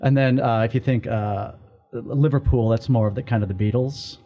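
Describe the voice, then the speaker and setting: A man in his forties co-hosting a podcast in casual, excitable chat, often restarting his sentences. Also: mid-range voice, normal speed. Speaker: podcast co-host, entertainment director. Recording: slightly dull lo-fi recording.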